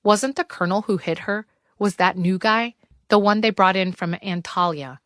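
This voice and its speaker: A woman reading the lines of an impatient male gravedigger, speaking gruffly in an audiobook. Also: high voice, normal speed, fairly bright tone, no room sound, clean studio sound.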